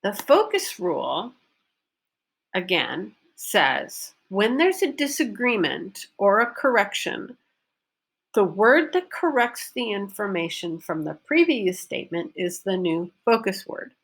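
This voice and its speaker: A woman teaching a pronunciation lesson, modeling focus words slowly and deliberately for students to repeat. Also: medium pitch, very animated, creaky. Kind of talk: recorded online lesson.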